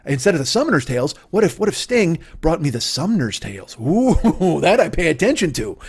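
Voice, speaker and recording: A man's voice: on the high side, big pitch swings, fast, husky. A man in his forties, a podcast host, delivering a rambling, profane comedic monologue that jumps from tangent to tangent. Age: 40s.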